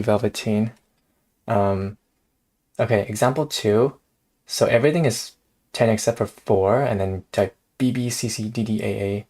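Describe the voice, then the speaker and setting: On his laid-back live coding stream, the host talks in a fairly low, somewhat mellow voice. His thinking-aloud comes across as hesitant, often punctuated by laughter.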